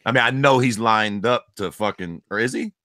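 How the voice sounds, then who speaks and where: Man, bright tense voice, lively pitch, crude joking, dry sound. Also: moderate pace, dry recording. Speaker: podcast co-host. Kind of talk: casual chat about fighting sports.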